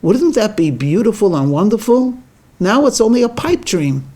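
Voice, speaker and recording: A man's voice: high voice, very animated, normal speed, warm tone, voice pushed up. A man voicing an ambitious, scheming village husband who talks insistently about grand plans. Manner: insistent, grandly planning, bursts into anger.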